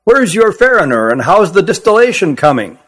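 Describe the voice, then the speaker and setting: A man's voice: sits high, very animated, brisk, a bit bright, pitched above the performer's own voice, heavily acted. A man voicing a weary, fretful old male magician in a storybook, asking anxious questions.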